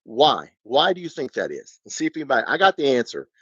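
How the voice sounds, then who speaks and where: A man's voice: mid-range voice, huge pitch swings, fast talker, fairly bright tone, breathy edge, no echo, muffled recording. A man in his fifties hosting a live fan stream, ranting and rambling with lots of rhetorical questions. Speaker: fan channel host. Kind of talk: live-stream sports rant.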